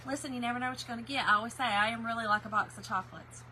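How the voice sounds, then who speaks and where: A woman's voice: a little high, fairly even intonation, rapid-fire, noisy background. Chatty woman greeting viewers. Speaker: craft livestream host. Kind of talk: casual livestream chat.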